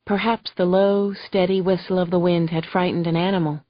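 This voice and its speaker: A woman narrating a thriller audiobook in the first person with gentle, emotional storytelling. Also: lowish voice, flat delivery, moderate pace, no room sound. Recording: dull lo-fi audio, faint music.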